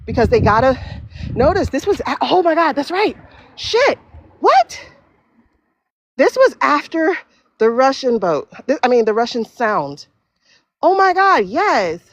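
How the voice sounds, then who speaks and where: A woman hosting a casual livestream while walking outdoors, talking in an animated, profane way with quick asides. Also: high voice, dry recording. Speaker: livestream host. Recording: dull lo-fi livestream audio.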